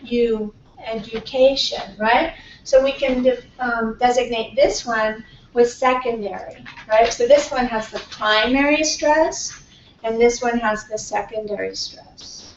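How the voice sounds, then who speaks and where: A woman teaching a pronunciation workshop, modeling words slowly and checking in often with her class. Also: fairly high pitch, fairly even intonation. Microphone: distant room mic. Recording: echoey classroom from far off, dull and slightly noisy.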